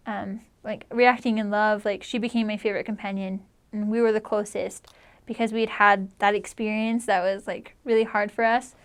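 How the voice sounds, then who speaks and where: A young woman in her twenties telling a personal story in a chatty, earnest way. She strings her thoughts together with a steady stream of "like" and small restarts. Her pitch sits in an ordinary middle range for a woman. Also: normal speed, smooth. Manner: chatty, heavy use of "like", earnest. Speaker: returned missionary.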